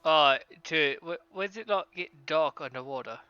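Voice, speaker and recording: A man plays a dim, boastful jock in a tabletop game who talks in a slow, dopey drawl. The voice is high and bright, crisp and forceful. The sound is slightly dull and lo-fi. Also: no room sound. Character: dim, boastful male athlete who loves challenges.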